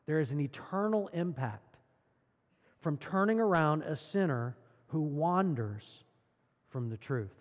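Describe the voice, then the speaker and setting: Earnest preaching man, slightly high voice. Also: expressive, unhurried, darkish tone, in a large hall, dull audio. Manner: earnest, emphatic preaching with rhetorical questions. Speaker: pastor. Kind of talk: sermon.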